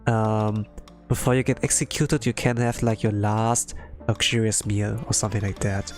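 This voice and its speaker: A man's voice: lowish voice, little pitch movement, normal speed, soft background music. A man chatting casually as a streamer while reading along with a story. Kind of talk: casual commentary during a readalong.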